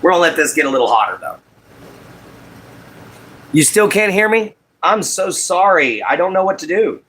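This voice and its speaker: Speaking at a moderate pace with frequent pauses and a breathy edge, this drawling man hosts an easygoing livestream, chatting while he crafts. His voice is a touch high, bright, and placed forward. He welcomes viewers one at a time by name and often apologizes for audio dropouts.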